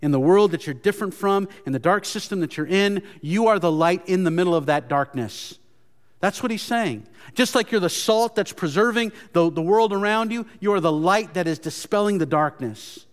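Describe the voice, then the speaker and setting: A man's voice: high-pitched, moderate pace. A man preaching a sermon as pastor, earnest and emphatic, often restarting his phrases. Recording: long hall reverb.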